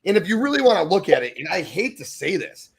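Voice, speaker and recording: Male podcast co-host, gravelly fry in his voice, excited and emphatic, swears freely. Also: high voice, quick pace. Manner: excited, profane, emphatic praise. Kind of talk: casual wrestling debate.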